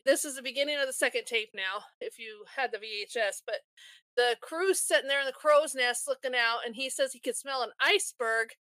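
A woman's voice: high-pitched, sharp tone, no room sound. A woman co-hosting a podcast, casually retelling a movie's scenes step by step with frequent restarts. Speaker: podcast co-host.

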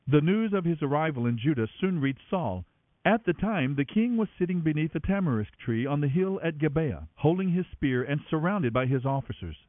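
A man reads scripture aloud with dramatic expression, his fairly high voice rising and falling in a lively way. The sound is dry and thin, like a narrow radio broadcast. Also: normal speed, no room sound. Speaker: Bible reader.

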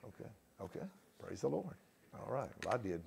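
A man leading a church gathering as pastor, praying fervently and then recounting the day's outreach, with frequent praise words and halting restarts. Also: on the low side, big pitch swings, gravelly, breathy edge. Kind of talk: prayer and church testimony.

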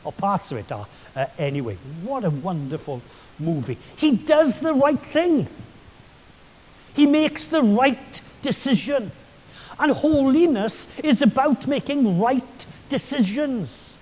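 A man's voice: very high voice, lively intonation, slow, a little mellow, husky. A man preaching a sermon as a pastor, telling enthusiastic, chatty stories full of asides, recorded in a hall with long reverb.

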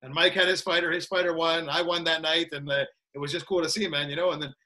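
Fight trainer guy on a podcast, quick and bright, laid-back and laughing a lot. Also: on the high side, steady tone. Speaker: guest, combat sports trainer. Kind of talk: casual interview chat.

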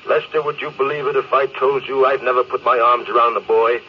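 An actor playing a doomed spaceship captain, speaking in a brooding, confessional way in 1950s radio drama style. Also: male voice, mid-range voice, fairly even intonation, a little fast, natural voice. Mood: regretful. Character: doomed spaceship captain, regretful grown man falling. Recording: dull old radio recording with hiss.

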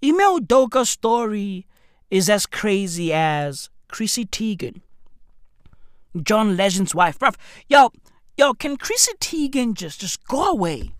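A woman's voice: mid-range voice, sing-song, takes it slowly, dry recording. A woman hosting a podcast, ranting in a profane, repetitive way, close to the mic. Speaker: podcast host.

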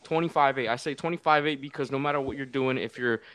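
A man's voice: mid-range voice, quick pace, fairly bright tone, clean tone, no room sound, clean studio sound. A man chatting casually as a podcast co-host, emphatic and profane. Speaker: podcast co-host, former military recruiter. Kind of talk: casual chat.

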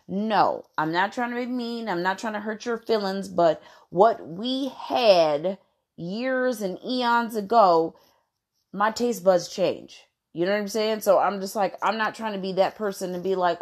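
A woman vlogger telling a story to her viewers in a casual, animated way, blunt and full of swearing, with lots of "you know". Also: medium pitch, measured pace.

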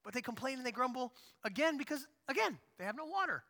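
A man preaching a sermon, retelling the story in a casual, animated storytelling way. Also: extremely high pitch, fast talker. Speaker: pastor. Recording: long hall reverb.

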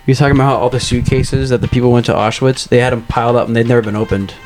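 A man's voice: medium pitch, rapid-fire, faint music behind. Rambling young guy. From United States. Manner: rambling, filler-heavy, crude deadpan jokes. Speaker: podcast co-host. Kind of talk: casual chat.

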